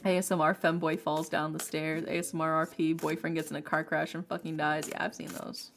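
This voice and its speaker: A woman streamer and ASMR creator chatting casually with her viewers, animated and opinionated, laughing often. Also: low-pitched, brisk, slight background noise. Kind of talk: casual chat on a livestream. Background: faint lofi music.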